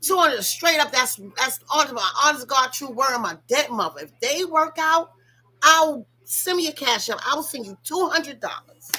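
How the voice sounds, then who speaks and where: Bright-voiced woman ranting to her viewers. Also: high-pitched, lively intonation, moderate pace. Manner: emphatic, profane, talks straight to viewers. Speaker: vlogger reacting to reality TV. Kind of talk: casual reaction commentary.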